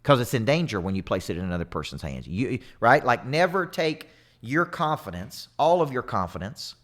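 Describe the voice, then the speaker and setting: Man, 40s, motivational coach; energetic, emphatic delivery with repetitions, mid-range voice. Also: mid-range voice, normal speed. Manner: energetic, emphatic, repeats himself. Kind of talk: motivational talk to camera.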